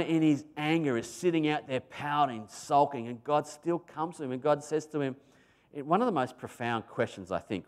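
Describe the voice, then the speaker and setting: Australian male preacher, middle pitch, animated storyteller, loud emphasis and quiet asides. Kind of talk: sermon.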